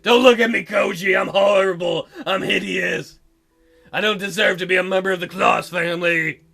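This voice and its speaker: A man's voice: sits high, little pitch movement, fast talker, creaky, pushed and bright, faint music behind, voice pushed down, heavily acted. A man voicing a clumsy, tearful young woman Santa in a visual novel, wailing and full of self-pity. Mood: despairing. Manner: sobbing, wailing and self-pitying. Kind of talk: reading a visual novel aloud.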